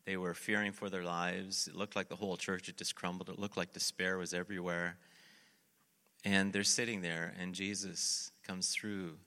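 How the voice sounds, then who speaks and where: A pastor with a very deep voice delivers a sermon at normal speed, sounding bright and forceful. He tells the story with animation, acting out the scripture quotes and the characters' lines, while a long reverb fills what seems to be a large hall.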